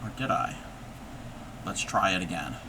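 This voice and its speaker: A man's voice: low voice, animated, a little slow, noisy background. A man hosting a casual live stream, thinking aloud and chatting playfully with viewers as he crafts. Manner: thinks aloud and chats with viewers while working.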